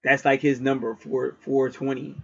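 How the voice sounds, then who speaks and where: A man's voice: medium pitch, level tone, normal speed, vocal fry, breathy edge. A man giving a casual astrology reading in a blunt, preachy way, cursing freely. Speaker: astrologer and card reader. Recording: dull lo-fi recording.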